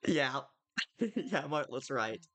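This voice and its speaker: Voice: medium pitch, unhurried, a bit bright. A gaming streamer reading game dialogue aloud and dropping casual, chatty asides.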